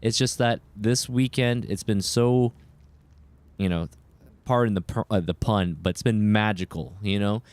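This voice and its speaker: A man's voice: on the low side, a little slow, a little mellow. Sex: male. Style: upbeat live-stream chat. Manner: upbeat, greets chatters by name, chatty asides. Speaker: game streamer.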